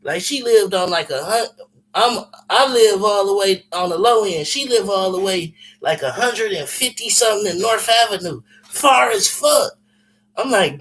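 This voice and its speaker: A man telling a story in casual chat, animated and profane, with lots of repetition. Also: high voice, moderate pace, low-quality recording.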